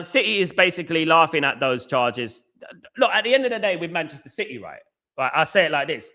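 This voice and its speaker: A man's voice: a little high, sharp tone. A young British man hosting a football fan live stream, ranting at length and reading out viewer comments. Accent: British English. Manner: ranting, repetitive, frequently says "at the end of the day". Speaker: football podcast host.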